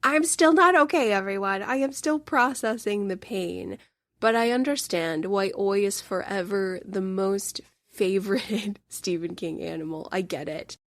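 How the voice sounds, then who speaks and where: A woman hosting a book review podcast, talking in an earnest, deeply emotional way into a close mic. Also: unhurried, no echo. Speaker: podcast host.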